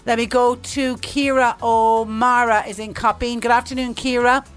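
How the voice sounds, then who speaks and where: A woman's voice: on the high side, level tone, normal speed, soft background music. A woman hosting a phone-in quiz on radio, chatty and teasing. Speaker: radio host.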